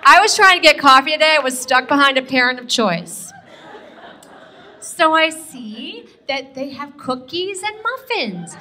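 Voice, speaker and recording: Bright, energetic middle-aged woman comic. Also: high-pitched. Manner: energetic, talks to the audience, quick question runs. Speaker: stand-up comedian. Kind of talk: stand-up comedy set. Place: comedy stage with a live audience.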